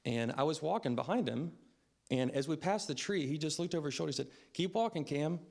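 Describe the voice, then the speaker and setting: A man's voice: a little high, fast, creaky, darkish tone. A man in his thirties giving a funeral eulogy for his grandfather, telling stories in a reflective way with frequent "um" fillers. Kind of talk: funeral eulogy, personal storytelling. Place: funeral service.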